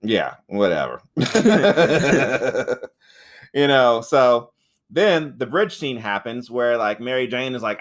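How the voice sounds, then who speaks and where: Taking it slowly with big swings in pitch, this foul-mouthed podcast co-host rambles through a film review in casual chat. His ordinary-pitched voice unspools the story loosely, and he keeps performing the quotes of the people involved.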